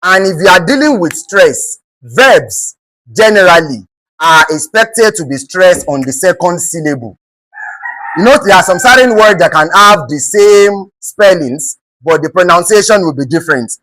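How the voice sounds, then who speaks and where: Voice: medium pitch, lively intonation, a bit bright, dry recording, low-quality recording. Teacher with a Nigerian accent, quizzing. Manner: keeps asking the class "what?" and then answering it; spells words out letter by letter and repeats them slowly. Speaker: English teacher. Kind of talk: exam-prep lesson.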